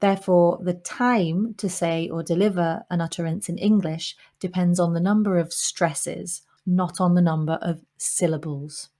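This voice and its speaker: A woman giving a scripted lesson on English pronunciation, speaking clearly and measuredly and slowing down to model example sentences. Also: on the low side, fairly even intonation, mellow.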